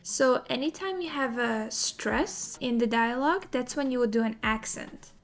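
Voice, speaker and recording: A woman teaching animation in a recorded tutorial, explaining in a clear, methodical way. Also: fairly high pitch, moderate pace. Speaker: animation instructor.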